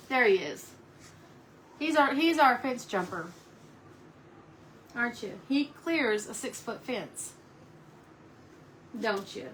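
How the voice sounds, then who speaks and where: A woman with a fairly high voice talks casually on a live stream from home about her painting. She chats easily with viewers and keeps cooing at her dog. A faint background hiss runs underneath. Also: a bit bright, rough recording. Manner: chatty, coos at her dog between crafting talk.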